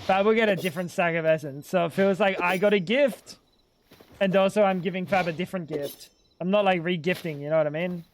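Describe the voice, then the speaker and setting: High-voiced young man streaming a game. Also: a little fast. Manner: rambling, joking, swearing, talks to chat. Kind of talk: casual gaming stream commentary.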